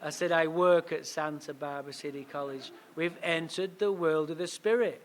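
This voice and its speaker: Man, high voice, punchy animated storyteller speaking at a recovery meeting. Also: moderate pace. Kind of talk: storytelling talk.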